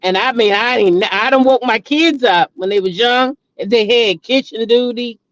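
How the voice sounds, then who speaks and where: A man's voice: very high-pitched, normal speed, fairly bright tone, dry recording, rough recording. A middle-aged man, hosting a casual commentary chat in a blunt, profane, laughing way. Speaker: channel host.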